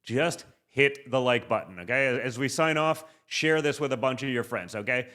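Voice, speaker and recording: A man hosting a political interview show, talking quickly and emphatically and tagging his asks with "okay". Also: medium pitch, pushed and bright. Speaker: podcast host.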